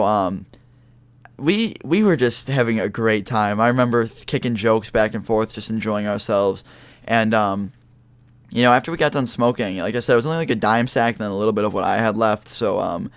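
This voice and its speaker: A man's voice: medium pitch, dry recording. A young man telling a long story in a casual, rambling way, full of fillers and swearing. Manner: rambling, lots of fillers and swearing, acts out quotes.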